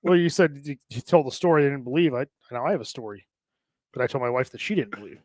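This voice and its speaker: A man co-hosts a casual podcast and delivers crude jokes in a deadpan way. He talks fast at a middle pitch. His voice comes through close and dry. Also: no room sound. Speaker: podcast co-host. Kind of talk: casual chat.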